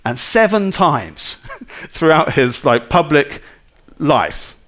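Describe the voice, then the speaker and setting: A man delivers a sermon with a slightly high voice that swings widely up and down. He talks to his listeners in a chatty way and keeps asking them rhetorical questions. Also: sing-song, slow pace, a bit bright. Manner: conversational, full of rhetorical tag questions. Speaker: preacher.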